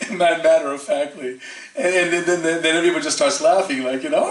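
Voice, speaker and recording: A man tells devotional stories at a temple, animated and full of fillers as he slips into the voices of his characters. He sounds set back from the microphone, and his voice rings around a large, echoing hall. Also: on the high side, fast talker. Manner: animated storyteller acting out quoted voices, frequent fillers. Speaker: temple speaker. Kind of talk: storytelling sermon. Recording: echoey hall, distant mic.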